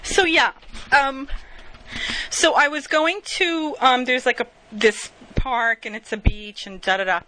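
A woman talks in a loose, rambling monologue, circling back and losing her thread as she tells stories from her day. Her voice sits a little high and sounds bright, and she laughs at herself and swears freely along the way. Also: a little slow, slight background noise, poor audio. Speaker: vlogger telling stories. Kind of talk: casual monologue, storytelling.

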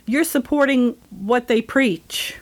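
A woman's voice: on the high side, takes it slowly. A woman in casual chat who talks bluntly and rants with lots of profanity.

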